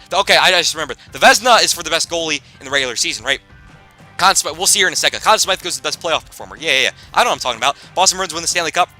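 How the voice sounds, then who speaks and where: A young man giving casual commentary on a hockey video game, excitable and self-deprecating, rambling and restarting his sentences. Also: medium pitch. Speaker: gaming YouTuber.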